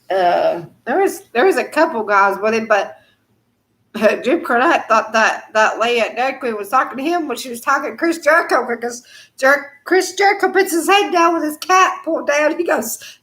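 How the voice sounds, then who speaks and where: A woman's voice: high voice, expressive, normal speed, a bit bright. A woman hosting a casual live chat at home, rambling and laughing often, with many fillers.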